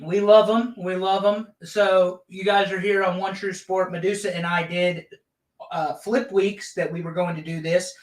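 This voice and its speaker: A man's voice: high voice, level tone, normal speed. A man hosting a casual live stream, introducing guests and keeping up friendly banter. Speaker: host. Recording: roomy live stream audio.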